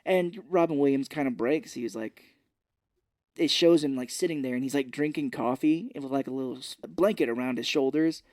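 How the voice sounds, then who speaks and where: A man's voice: medium pitch, moderate pace, a little mellow, dry recording, studio quality. A man co-hosting a podcast, casually retelling a film's plot in a rambling way and quoting its lines. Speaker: podcast co-host. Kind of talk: casual film recap chat.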